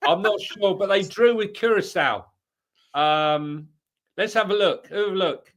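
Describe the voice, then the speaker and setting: A man's voice: high-pitched, measured pace. A man co-hosting a casual football chat show, jokey and rambling, laughing often. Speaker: co-host.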